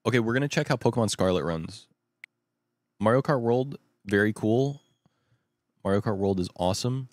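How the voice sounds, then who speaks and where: A young man rambling excitably in casual chat at home at night. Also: fairly low pitch, normal speed, long pauses, dry recording. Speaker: vlogger.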